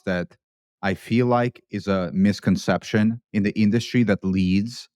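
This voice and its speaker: A man's voice: deep voice, a little mellow, smooth, dry recording, clean studio sound. A man co-hosting a panel discussion, arguing a point with firm opinions.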